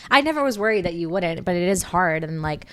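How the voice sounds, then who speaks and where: A young woman guest on a podcast chats casually as a supportive best friend, often chiming in. Her voice is on the low side, expressive, and fast, with a little hiss or hum in the recording.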